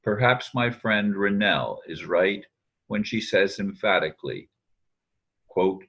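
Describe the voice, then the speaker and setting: An older man speaks slowly in a low, husky voice, thinking out loud in a daily video monologue. He quotes friends and often stops to correct himself. The home recording sounds dull and lo-fi. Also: animated. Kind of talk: reflective spoken monologue.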